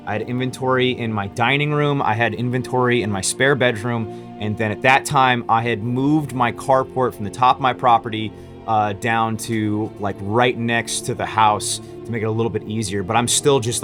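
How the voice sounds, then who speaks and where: A man's voice: on the low side, fairly even intonation, moderate pace, over music. A man who runs a small business, telling a story in a casual vlog, rambling with many restarts and fillers.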